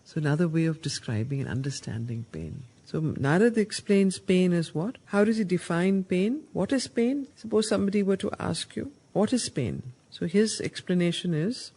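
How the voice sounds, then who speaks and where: A woman leading a study circle, reading poetry aloud in a slow, emphatic way and explaining it with questions to the group. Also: fairly low pitch, animated, warm tone, breathy edge. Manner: slow, emphatic recitation of verse, stressing single words.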